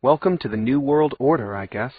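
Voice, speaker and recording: A man's voice: mid-range voice, animated, fairly quick, husky. A man narrating an audiobook in the first person, with a wry, sardonic tone. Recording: slightly muffled audio.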